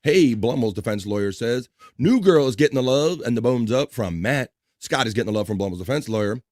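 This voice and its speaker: A man's voice: mid-range voice, animated, no room sound, clean studio sound. A man hosting a livestream, reading out and teasing chat comments in a hyped, joking way. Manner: hyped, teasing, quick shout-outs. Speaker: livestream host.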